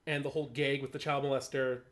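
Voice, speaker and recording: Fast-talking, opinionated male podcast co-host. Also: medium pitch. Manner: opinionated, animated, thinks aloud. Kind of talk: casual podcast chat.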